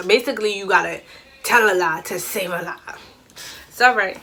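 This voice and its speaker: A young woman vlogger telling a casual storytime, animated and slangy, acting out the dialogue. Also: medium pitch, normal speed, long pauses.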